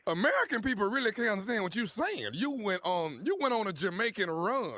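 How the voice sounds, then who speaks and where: Male radio host, prank calls, bright sharp tone, high pitch, animated banter. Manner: animated, laughs often, fast bursts. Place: radio studio.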